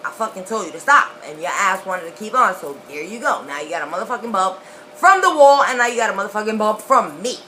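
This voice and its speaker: A woman's voice: mid-range voice, animated, fast, bright, forceful tone, a little hiss or hum, poor audio. A young woman putting on her strict grandmother, scolding bluntly and with profanity.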